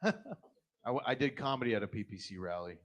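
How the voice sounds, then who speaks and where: A middle-aged man doing a blunt, profane stand-up set, jumping into sudden high put-on voices. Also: lively intonation, quick pace, fairly bright tone. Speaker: stand-up comedian.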